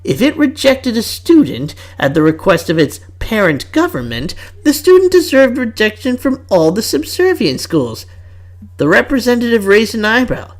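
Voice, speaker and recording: A fan fiction reader reads a story aloud. The delivery is chatty, with asides. The pitch rises and falls in a lively way. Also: moderate pace.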